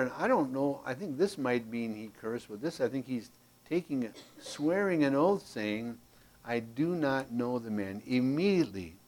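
A man teaching a Bible class from a handout, animated and folksy, with playful asides and loudness that swings from emphatic to hushed. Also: mid-range voice.

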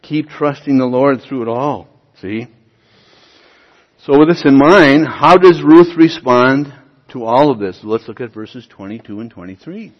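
Unhurried and animated at a medium pitch, a male pastor delivers a forceful sermon that fires questions at his listeners and swells to loud peaks. The long reverb of a large hall surrounds him, and the recording sounds dull and muffled.

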